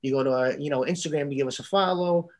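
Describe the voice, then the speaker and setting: A man's voice: a little high, lightly acted. A man putting on a New York accent to play a brash guy reading out podcast promos. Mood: hamming. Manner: fast-talking, loud.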